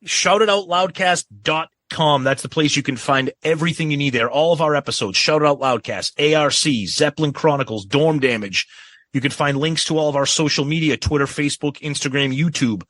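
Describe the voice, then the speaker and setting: A man co-hosting a podcast in casual chat, emphatic, quick to agree and add asides. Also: a little high, a bit bright, dry recording. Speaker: podcast co-host.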